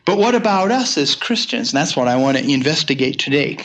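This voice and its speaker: A man's voice: mid-range voice, big pitch swings, fairly quick, a bit bright. A man in his sixties teaching a sermon series, earnest and personal, often restarting his sentences as he tells stories. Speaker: Bible teacher.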